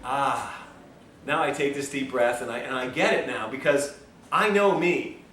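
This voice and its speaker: A man's voice: mid-range voice, unhurried, a bit bright. A man giving a health lecture to a live class, telling stories and acting out the dialogue, laughing often. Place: lecture room. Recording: echoey lecture room, distant mic, faint hiss.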